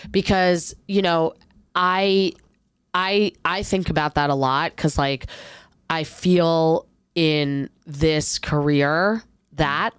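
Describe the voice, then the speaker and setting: A woman in her thirties co-hosts a podcast in a low, smooth voice. She thinks aloud in long, winding stretches of casual chat. The sound is dry and close. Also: fairly even intonation, takes it slowly, no echo. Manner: reflective, talks in long searching runs. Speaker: podcast co-host.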